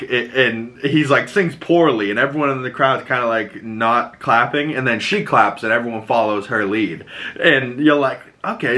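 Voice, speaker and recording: A man hosting a podcast, recapping a TV episode in loose, profane casual talk and slipping into quick acted quotes of the characters. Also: medium pitch, bright, forceful tone. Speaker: podcast host.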